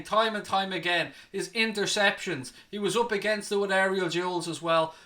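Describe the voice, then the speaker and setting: A young man hosting a football reaction show, excitable and out of breath, calling out to his viewers as ladies and gentlemen. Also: on the high side. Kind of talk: energetic post-match reaction.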